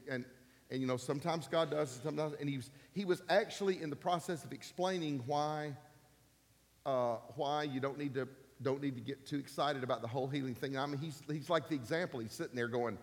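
A man in his fifties preaches emphatically, repeating key phrases and climbing to loud, forceful peaks. His voice sits fairly high, and it rings with the long reverb of a church hall. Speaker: pastor. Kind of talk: sermon.

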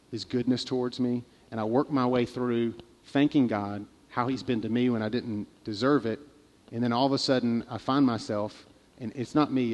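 A man's voice: medium pitch, darkish tone. Brief: middle-aged male pastor, mid-range voice, candid self-mocking sermon in a reverberant church hall. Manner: candid, self-deprecating storytelling with frequent restarts. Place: church sanctuary.

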